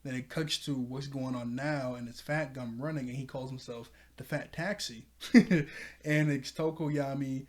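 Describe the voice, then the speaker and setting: A man's voice: medium pitch, fairly even intonation, measured pace. A man casually recapping an anime episode, rambling with lots of fillers and frequent chuckles. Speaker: anime reviewer.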